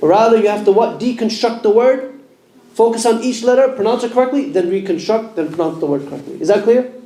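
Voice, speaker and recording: High-voiced man drilling letters, echoey room. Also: fairly quick, warm tone. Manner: drills letters aloud and quizzes the class with questions. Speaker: Quran recitation teacher. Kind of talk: classroom lesson on letter pronunciation. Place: mosque classroom.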